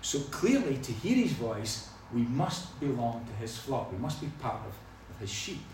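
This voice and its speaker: Heard from a distance in a reverberant hall, this Scottish pastor speaks in a mid-range voice at moderate speed. His sermon is lively and full of humorous storytelling, and there's a slight hiss or hum underneath.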